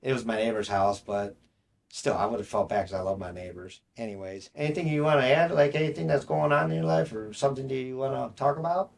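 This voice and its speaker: A young man chatting casually as a podcast co-host. He rambles from story to story and breaks into laughs mid-sentence. His voice sits at an everyday middle pitch. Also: fast, gravelly. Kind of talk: casual chat.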